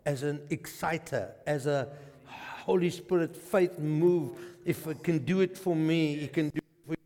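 Brief: South African male pastor, high voice, animated sermon storytelling, long church-hall reverb. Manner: animated storyteller, swings from hushed to shouting. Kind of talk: sermon testimony.

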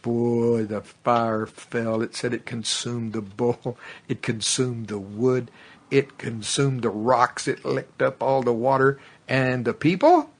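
A man preaching a fervent sermon that builds to loud exclamations, then leads a prayer. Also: mid-range voice, takes it slowly. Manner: fervent, rising to exclamations, tongues.

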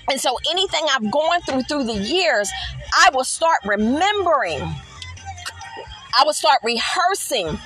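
A middle-aged woman with a high voice tells a personal faith testimony in an earnest, animated storytelling manner. She leans into emphatic repetitions as soft music plays faintly underneath. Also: low-quality recording. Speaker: podcast host.

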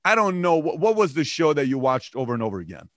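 A man hosting an interview in a casual, animated way, often stumbling and repeating his words. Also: fairly high pitch, fast talker, no room sound. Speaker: interview host.

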